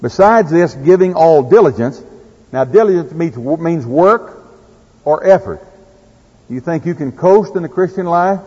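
Folksy Oklahoma preacher in an echoey hall. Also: male voice, on the high side, animated, measured pace, a little mellow, husky. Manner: folksy, preaches with farm stories and scripture. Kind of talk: sermon. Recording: echoey hall, dull lo-fi sound.

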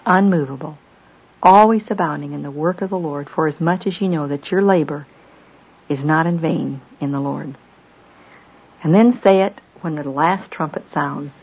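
A woman giving a devotional sermon to a women's Bible study, solemn and emphatic, asking rhetorical questions and slowing down for repeated refrains. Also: low voice, slightly rough. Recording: dull lo-fi recording.

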